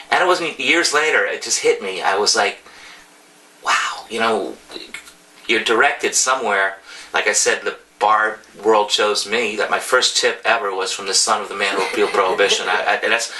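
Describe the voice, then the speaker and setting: A man's voice: lowish voice, pushed and bright. A man from New York's Hudson Valley, a bartender and collector, telling stories in a rambling, enthusiastic way with many restarts. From Hudson Valley, New York. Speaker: bartender and bar memorabilia collector. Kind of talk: casual storytelling chat. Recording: distant mic with music behind.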